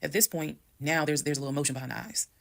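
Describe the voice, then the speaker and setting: A woman tells a personal story to her followers in a calm, measured way, and her words are blunt. Her voice has a gravelly, fried texture. She talks quickly and doesn't pause much. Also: low-pitched. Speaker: storytime creator.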